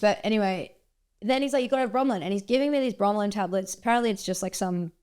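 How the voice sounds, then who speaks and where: An Australian woman hosting a podcast, telling a dating story in animated casual chat. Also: medium pitch, quick pace, smooth. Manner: animated storytelling, laughing often. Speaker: podcast host.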